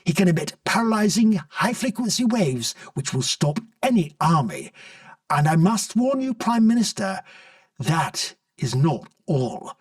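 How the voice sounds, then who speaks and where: A man voicing an elderly, kindly male scientist who explains slowly and patiently, recorded dry from a distance. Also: sits high, sing-song, no echo.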